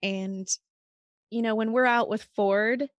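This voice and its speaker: A woman's voice: a little high, steady tone, slow, dry recording, lo-fi sound. Chatty woman telling a story. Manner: earnest, chatty, many "like" and "you know" fillers. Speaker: podcast guest, mother of a child with disabilities. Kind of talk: casual personal storytelling.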